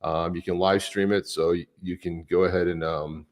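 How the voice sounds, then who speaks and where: A man's voice: low voice, little pitch movement, normal speed. A man co-hosting a live stream, chatting casually and upbeat, greeting viewers by name. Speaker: podcast co-host.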